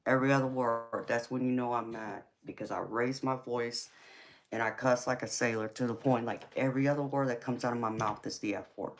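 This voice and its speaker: Woman, live stream host, casual storytelling, animated, swears a lot, laughs as she talks. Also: extremely low pitch, brisk. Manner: animated, swears freely, laughs while telling.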